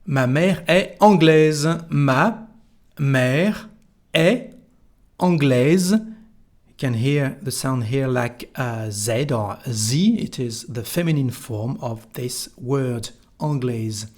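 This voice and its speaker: A man's voice: medium pitch, slow pace, darkish tone. A man with a French accent teaching a French lesson in English, explaining each word with care and modeling phrases for the listener to repeat. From France. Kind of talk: online language lesson.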